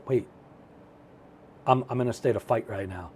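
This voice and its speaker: A middle-aged man giving a motivational self-help talk, animated and storytelling as he acts out his own thoughts. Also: mid-range voice, normal speed, vocal fry, pauses often, slight background noise.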